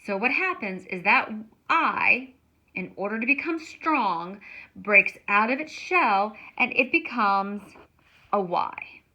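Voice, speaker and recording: A woman teaching a Spanish grammar lesson, explaining slowly and stretching words out to show how they sound. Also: medium pitch, animated, pushed and bright.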